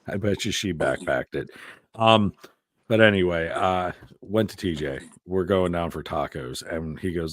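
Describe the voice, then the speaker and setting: A man's voice: deep voice, lively intonation, a little slow, long pauses, dry recording, clean studio sound. A man co-hosting a podcast, telling crude, rambling stories with heavy swearing in casual chat. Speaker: podcast co-host.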